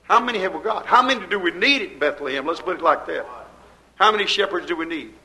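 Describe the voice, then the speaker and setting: High-pitched preacher guy, fervent sermon, folksy talk, lots of rhetorical questions, goes loud then hushed. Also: animated, fast talker, poor audio. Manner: folksy grammar. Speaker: pastor.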